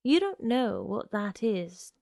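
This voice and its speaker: A sinister young suitor, put on by a woman narrator, drawling his threats in a slow, coaxing voice. The tone is gravelly and close. The sound is dry, with no room around it. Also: mid-range voice, very animated, mellow, dry recording, heavily acted. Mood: coaxing menace. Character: sinister smooth-talking young man, menacing suitor.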